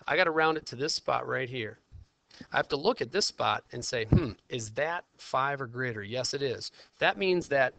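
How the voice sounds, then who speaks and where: A man's voice: medium pitch, gravelly, fairly bright tone, a little hiss or hum. A man teaching a casual math lesson, talking himself through calculations in an informal, chatty way. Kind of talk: casual classroom lesson, working problems aloud.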